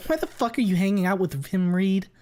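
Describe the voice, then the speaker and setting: A man reading aloud and voicing a furious young woman with a tail, shouting in a high, strained voice. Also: fairly quick, natural voice.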